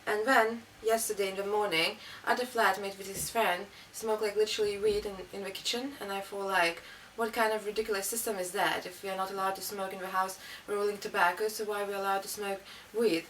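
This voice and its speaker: A woman's voice: medium pitch, flat delivery, a little fast, hardly any pauses, a bit bright. A young woman, telling a story in a rambling, casual way with many fillers. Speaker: interviewee. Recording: distant mic, faint room noise.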